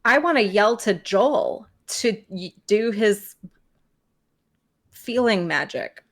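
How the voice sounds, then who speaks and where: A woman's voice: medium pitch, animated, slow pace, creaky. A woman playing in a tabletop game, asking questions and proposing actions. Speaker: player.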